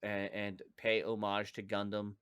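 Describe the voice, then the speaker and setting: A man's voice: lowish voice, completely flat delivery, unhurried, fairly bright tone, clear, resonant tone, no room sound, clean studio sound. A man co-hosting a casual podcast, ranting and joking in a sarcastic, profane way. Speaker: podcast co-host.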